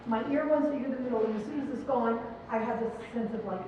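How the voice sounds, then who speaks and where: A woman's voice: on the high side, fast talker, noisy background. A middle-aged woman giving encouraging choral clinic feedback to a choir, asking the singers questions. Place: large performance hall. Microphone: distant room mic. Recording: echoey hall, distant mic, muffled.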